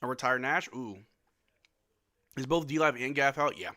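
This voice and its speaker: A young man from Louisiana hosting a casual livestream, chatting and answering viewers' questions with quick laughs. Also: mid-range voice, bright, forceful tone. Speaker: livestream host.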